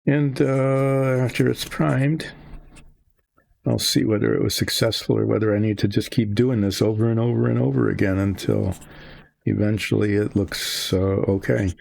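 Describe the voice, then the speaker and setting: A man's voice: on the low side, fairly even intonation, moderate pace, vocal fry, darkish tone, no room sound. An older man chatting casually as he works on a model, rambling through asides. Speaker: hobby model painter. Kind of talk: casual narration while working.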